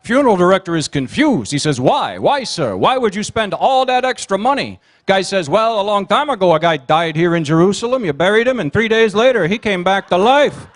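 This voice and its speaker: A high-voiced man does a stand-up routine as the evening's emcee. He tells quick one-liners and teases people in the audience, and his voice carries through a banquet hall. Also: expressive. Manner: rapid one-liners with teasing crowd work. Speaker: comedian and emcee at a gala dinner.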